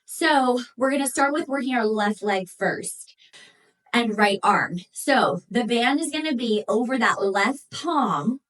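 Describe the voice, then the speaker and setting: A woman's voice: fairly high pitch, fairly bright tone. A woman leading a Pilates workout, coaching and counting down reps while exercising and breathing hard. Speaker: Pilates instructor. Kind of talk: workout instruction. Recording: distant from the mic.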